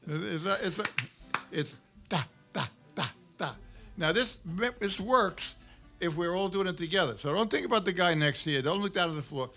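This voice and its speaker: A man's voice: high voice, expressive, normal speed, long pauses, bright, forceful tone, faint music behind. A man performing with an acoustic duo, joking with the crowd and coaching them through a clap-along song. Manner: jokey, coaxes the crowd, counts in and teaches claps. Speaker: performer leading an audience sing-along. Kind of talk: joking stage banter.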